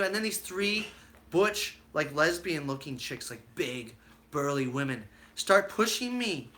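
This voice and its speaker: A man's voice: high voice, expressive, a little slow, bright, forceful tone. A man hosting his own live stream, chatting casually and telling stories with plenty of fillers and acted-out quotes.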